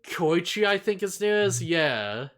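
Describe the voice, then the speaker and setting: A man's voice: sits high, very animated, a little slow, a bit bright. A man chatting casually on a podcast about an anime episode, rambling with lots of fillers and restarts and laughing often. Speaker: podcast co-host.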